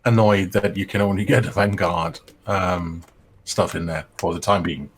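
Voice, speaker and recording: A man's voice: deep voice, fairly even intonation, moderate pace, slight background noise. A man joining a casual hobby chat as a guest, speaking hesitantly with many ums and restarts.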